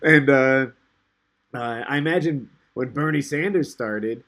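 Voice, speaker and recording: A man's voice: medium pitch, unhurried, a bit bright. A man co-hosting a podcast in casual chat, rambling and loose with some swearing. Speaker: podcast co-host.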